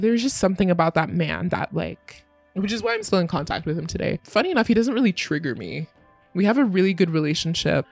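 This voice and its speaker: A woman's voice: lowish voice, vocal fry, darkish tone, dry recording. A young woman frankly telling her own story in casual, candid speech, full of fillers and swearing.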